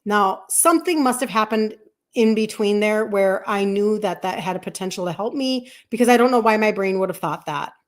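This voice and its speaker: A woman in her fifties, a health coach on a live stream, telling a personal story in a chatty, animated way and acting out bits of dialogue. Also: mid-range voice, normal speed. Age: 50s.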